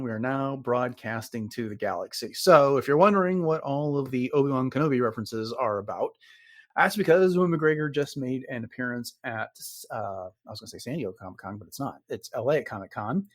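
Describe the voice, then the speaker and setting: A man co-hosting a podcast in relaxed, easygoing talk, with a middle-pitched voice. His delivery is keen and chatty and full of little "uh"s. The sound is close and dry, with no room around it. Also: a little fast, no room sound. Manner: enthusiastic fan, relaxed with fillers. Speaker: podcast co-host. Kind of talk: casual chat.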